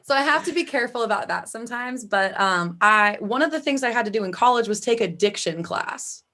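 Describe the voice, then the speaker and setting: A woman's voice: fairly high pitch, lively intonation, brisk, pushed and bright. Midwestern woman, vocalist guest, chatty and filler-heavy. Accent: Midwestern American. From Midwest US, Chicago area. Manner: chatty, frequent "like" fillers, laughs easily. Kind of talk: casual interview chat.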